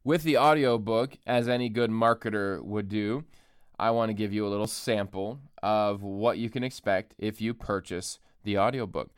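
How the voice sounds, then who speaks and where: His fairly low voice is clear and resonant, with fairly even intonation at normal speed. This podcast host and author chats in a joking, self-deprecating way in a casual solo monologue from an empty room, recorded on a studio microphone with clean studio sound and no echo.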